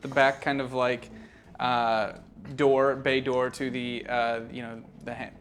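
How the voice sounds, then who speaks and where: A man narrating a tabletop game as game master, in a loose, relaxed way with many fillers. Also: mid-range voice, slow pace, slight background noise.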